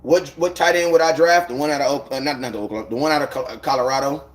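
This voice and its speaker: A man's voice: mid-range voice, rapid-fire. A man chatting casually on a live stream, rambling in loose slang and greeting viewers by name. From United States.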